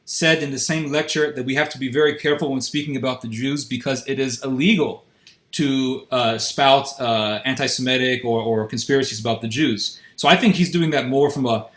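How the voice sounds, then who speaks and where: A man's voice: mid-range voice, brisk, fairly bright tone. A man interviewing a guest in a confrontational way, pressing and interrupting with challenges. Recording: roomy echoey sound.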